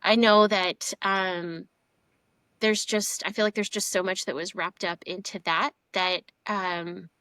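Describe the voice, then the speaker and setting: A young woman from Houston telling a personal story as a podcast guest, animated and full of fillers. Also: medium pitch, measured pace, clear, resonant tone, no echo. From Houston, Texas. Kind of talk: casual conversational testimony.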